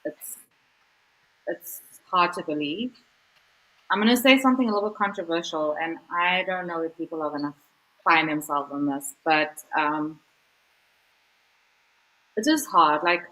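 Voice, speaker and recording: A woman with a notably low-pitched voice talks as a guest in an interview. She speaks in an earnest, heartfelt, reflective way. Her phrasing is casual, with a lot of "like" and "you know.". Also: measured pace, long pauses, pushed and bright, low-quality recording. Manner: informal, sprinkled with "like" and "you know". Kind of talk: candid interview conversation.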